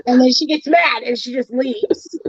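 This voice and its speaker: A woman's voice: high voice, moderate pace, breathy edge, no echo. A woman co-hosting a podcast, chatting casually with features and acting out her friends' lines as she tells stories. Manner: animated storyteller acting out friends' lines, laughing often. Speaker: podcast co-host. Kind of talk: casual chat. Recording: dull dry lo-fi sound.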